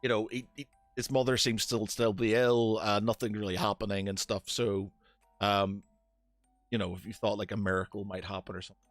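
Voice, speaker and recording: A man running a tabletop game as game master, talking in a hesitant way with many pauses and restarts. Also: lowish voice, flat delivery, no echo, faint music behind.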